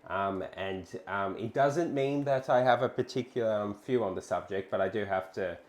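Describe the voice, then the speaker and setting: A woman's voice: rumbling low, moderate pace, a little mellow. A woman co-hosting a cooking stream, chatting with viewers and reading their messages with many ums. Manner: chatty, reads chat aloud, many ums. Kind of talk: casual chat with live chat. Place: small home kitchen. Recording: echoey kitchen with faint noise.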